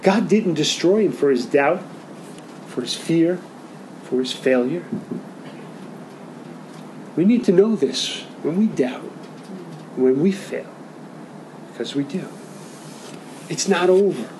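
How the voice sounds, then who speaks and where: Speaking slowly with frequent pauses, a pastor with a high but darkish-toned voice delivers an animated sermon. He talks to his congregation conversationally and keeps asking them questions, while faint noise sits behind the poor-quality audio.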